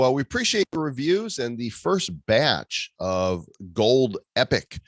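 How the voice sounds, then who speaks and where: A man's voice: mid-range voice, big pitch swings, measured pace, a bit bright, dry recording, clean studio sound. A man hosting a casual podcast, upbeat, reading listener reviews aloud. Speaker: podcast host.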